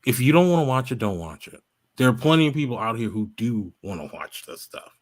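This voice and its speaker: A man's voice: mid-range voice, big pitch swings. A man co-hosting a podcast, chatting casually, emphatic and agreeable. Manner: emphatic and agreeable, quick to back up his co-host. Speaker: podcast co-host. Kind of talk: casual chat.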